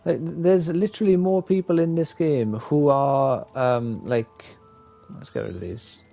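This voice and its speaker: A man's voice: fairly high pitch, a little slow, creaky, dark tone, faint music behind. A man from Wales, rambling and swearing as he gives live gameplay commentary. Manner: rambling, profane, opinionated. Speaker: streamer.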